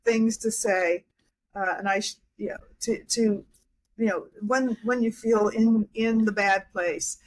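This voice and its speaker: A woman's voice: mid-range voice, fairly even intonation, measured pace, rough recording. A woman speaking as a podcast guest, a hypnotherapist and life coach, talking reflectively with frequent restarts and fillers. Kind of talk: casual interview talk.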